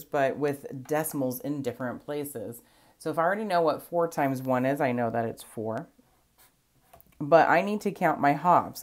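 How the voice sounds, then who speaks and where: A woman with a strikingly low voice teaches a recorded math lesson. She explains patiently and step by step, counting aloud as she goes.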